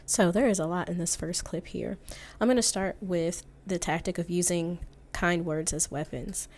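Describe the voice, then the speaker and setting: Woman therapist giving clip commentary, slightly low voice. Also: steady tone, moderate pace, darkish tone. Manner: conversational, quotes lines of dialogue with timestamps. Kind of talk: commentary analyzing audio clips.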